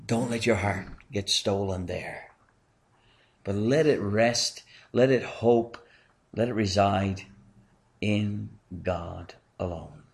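A male pastor preaching a sermon in an earnest way, swinging from emphatic lines to hushed, slow ones. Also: lowish voice, gravelly.

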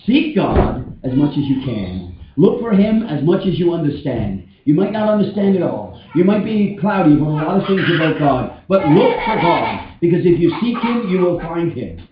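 A man's voice: a little high, sing-song, normal speed, hardly any pauses, noisy background. Preacher man, echoey and distant. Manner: earnest, emphatic, draws out key words. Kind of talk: sermon. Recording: echoey, distant, muffled church mic.

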